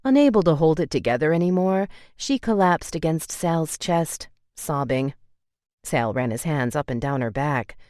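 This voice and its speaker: Low-voiced, emotive woman audiobook narrator. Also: a little slow, a little mellow, dry recording, studio quality. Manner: emotive, acts out the heroine's tearful lines.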